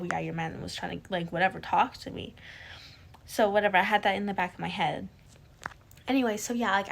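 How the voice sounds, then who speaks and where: Young woman vlogger, gravelly fry, rambling casual delivery, faint hum behind her. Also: medium pitch. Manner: rambling, filler-heavy, lots of "like" and "right?". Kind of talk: casual storytime.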